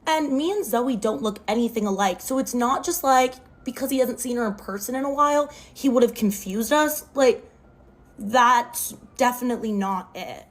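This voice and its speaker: A young adult woman telling a casual storytime into her phone. She recounts it in an animated, expressive way and uses "like" often. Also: on the high side, moderate pace. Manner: expressive, animated retelling with lots of "like".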